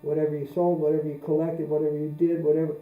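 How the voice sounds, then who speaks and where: A man giving a religious lecture as a spiritual teacher, speaking in a measured, repetitive, anecdotal way, recorded in an echoey room with a mains hum. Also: fairly high pitch, completely flat delivery, narrow, tinny audio.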